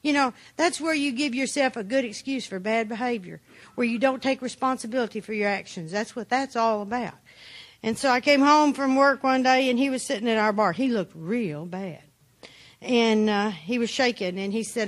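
A woman's voice: on the high side, a little fast. A woman giving a personal testimony talk, telling her story bluntly and plainly with dry humor. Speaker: speaker sharing her recovery story.

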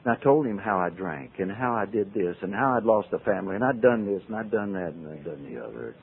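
A man's voice: fairly low pitch, animated, quick pace, creaky, slightly rough. A man telling his life story to a group, acting out the voices of the people in it. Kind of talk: storytelling talk. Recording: tinny, phone-like old recording.

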